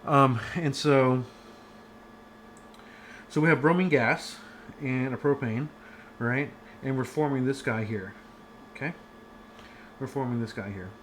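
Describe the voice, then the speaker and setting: A man's voice: mid-range voice, unhurried, pauses often, a little hiss or hum. Rambling, chatty man lecturing from home. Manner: chatty and rambling, many fillers and restarts. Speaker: chemistry lecturer. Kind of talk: casual online lecture.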